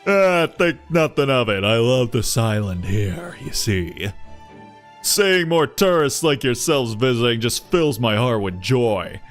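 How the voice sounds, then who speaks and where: A man voicing a smooth, overly friendly foreign man in a game, speaking deep, slow and pompous. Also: animated, soft background music, natural voice. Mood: genial.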